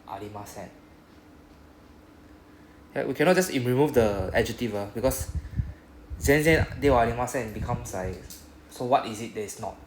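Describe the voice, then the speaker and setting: A man with a Singaporean English accent teaching a Japanese class, explaining patiently and drilling phrases slowly. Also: mid-range voice, reverberant, noisy background.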